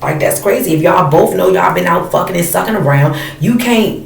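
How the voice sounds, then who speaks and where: Gravelly woman ranting, echoey room. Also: on the low side, a little fast. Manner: blunt, profane, fired-up ranting. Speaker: storyteller vlogger. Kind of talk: casual rant to camera. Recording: echoey room, mic at a distance, faint noise.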